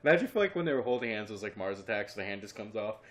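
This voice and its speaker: Young male co-host, lowish voice, loose goofy banter, faint noise. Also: lively intonation, racing. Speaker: podcast co-host. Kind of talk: casual chat.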